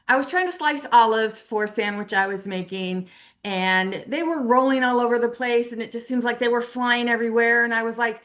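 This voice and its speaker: A woman with a slightly high voice reflects on feelings in a relaxed, personal chat. She tells a story with lively, animated delivery and acts out her inner thoughts as she goes. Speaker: spiritual teacher. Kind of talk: casual personal reflection to camera.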